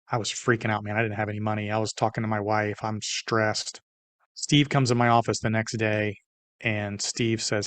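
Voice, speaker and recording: An older man, a guest in an interview, telling a personal story in a casual, animated way. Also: fairly low pitch, moderate pace, clear, resonant tone, dry recording.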